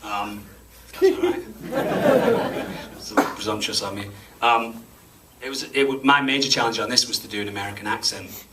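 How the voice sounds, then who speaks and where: A man, an actor answering audience questions after a screening, chatty and self-deprecating and quick to laugh. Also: fairly low pitch, fairly even intonation, over a noisy crowd. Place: cinema auditorium before an audience. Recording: distant mic with faint room noise.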